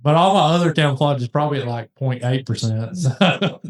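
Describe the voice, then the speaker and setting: A man's voice: fairly high pitch, brisk. Rambling man in an echoey room. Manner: rambling, animated, many restarts and asides. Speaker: podcast host telling a hunting story. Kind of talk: casual storytelling chat.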